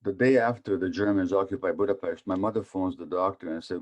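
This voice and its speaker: Older male physician speaker, low-pitched, chatty lecturing style that poses questions to the listeners. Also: steady tone, quick pace, a little mellow, muffled recording. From Hungary. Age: 70s. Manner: conversational, asks the audience questions. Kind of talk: public talk on trauma.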